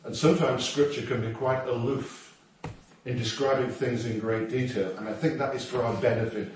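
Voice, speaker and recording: Male preacher, chatty and joking, recorded from afar in a booming hall. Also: fairly even intonation, moderate pace. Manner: humorous, conversational, with asides and acted quotes. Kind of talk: sermon. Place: church hall. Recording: echoey hall, distant mic, faint noise.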